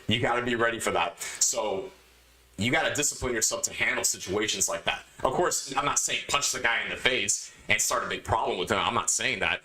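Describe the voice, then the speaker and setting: A man's voice: mid-range voice, sharp tone. A man hosting a podcast, giving emphatic, lecturing advice in a casual monologue. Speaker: podcast host. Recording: echoey room.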